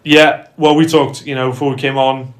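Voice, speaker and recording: A man co-hosting a casual football chat, chatty and quick to correct himself. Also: medium pitch, little pitch movement. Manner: chatty, self-correcting, laughs easily. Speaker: podcast co-host. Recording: roomy echo.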